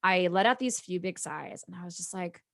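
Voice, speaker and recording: A woman co-hosting a podcast, telling a story in a casual, animated way and laughing often. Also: on the low side, normal speed, vocal fry, no echo, clean studio sound. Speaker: podcast co-host.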